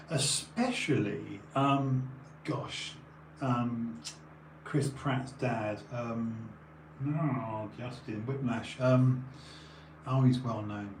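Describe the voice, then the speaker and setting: Slow and a little mellow, a mid-range male voice drifts through casual stream chatter, full of restarts and tangents. He sounds tired with a runny nose, in an echoey room with faint background noise.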